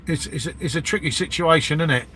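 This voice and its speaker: Rambling bloke saying mate. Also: male voice, a little high, quick pace, bright, forceful tone, a little hiss or hum. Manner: matey, rambling, says "mate" and "innit" constantly. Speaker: livestream host chatting with viewers. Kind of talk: casual live-stream chat.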